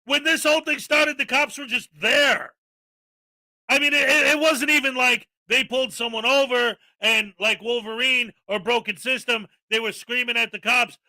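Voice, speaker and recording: A man's voice: extremely high pitch, moderate pace, sharp tone, dry recording, low-quality recording. A man hosting a commentary channel, ranting with sarcastic exasperation.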